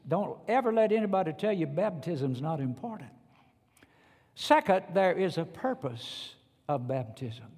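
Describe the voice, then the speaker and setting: A man's voice: fairly high pitch, darkish tone, long reverb tail. A man preaching a sermon in a church, folksy and emphatic, speaking directly to the congregation. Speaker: pastor.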